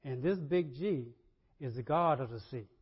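A man preaching a sermon, animated, repeating words and rising to loud emphasis. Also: medium pitch, normal speed, slightly rough. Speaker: pastor. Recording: dull lo-fi sermon audio.

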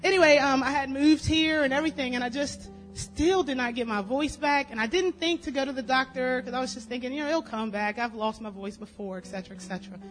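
A woman's voice: sits high, quick pace, hardly any pauses, faint music behind, rough recording. A woman giving a personal testimony at a church service, telling her story casually with lots of fillers. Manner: chatty, storytelling, many fillers.

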